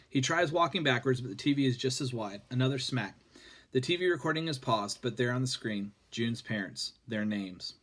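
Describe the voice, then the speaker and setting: A man reading a children's novel aloud in a plain, steady voice, with few changes for the characters. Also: mid-range voice. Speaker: reader.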